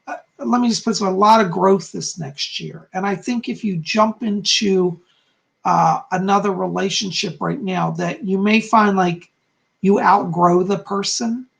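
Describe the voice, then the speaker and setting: A man with a gravelly, fry-edged voice hosts a live psychic reading stream. He reads out viewers' questions, then answers each one softly and reassuringly, in a conversational tone. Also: high-pitched, steady tone, normal speed, rough recording. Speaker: psychic host.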